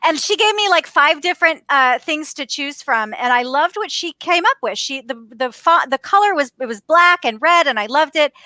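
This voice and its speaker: High, bright-voiced energetic woman in her fifties. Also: normal speed, hardly any pauses, dry recording. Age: 50s. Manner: energetic, emphatic, addresses listeners as ladies. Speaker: podcast guest, leadership coach. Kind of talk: casual interview conversation.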